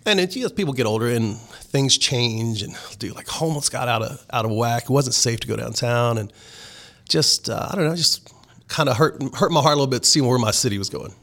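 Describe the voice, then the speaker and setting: A man from Texas with a Southern accent, chatting excitedly as a DJ guest on a podcast and laughing often. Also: medium pitch, fairly quick, gravelly. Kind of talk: casual podcast chat.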